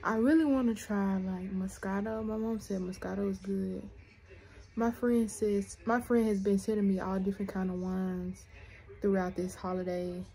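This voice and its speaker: A woman's voice: mid-range voice, fairly even intonation, moderate pace, mellow. A young woman in casual vlog chat, talking straight to her viewers in a chatty, filler-heavy way. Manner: chatty, addresses viewers directly, frequent fillers. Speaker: vlogger.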